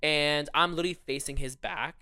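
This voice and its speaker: A young man from Palestine, co-hosting a podcast and telling stories in a rapid, animated way, full of "like.". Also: on the high side, smooth, no echo, studio quality. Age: young adult. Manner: rapid, animated storyteller, lots of "like". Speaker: podcast co-host. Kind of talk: casual chat, storytelling.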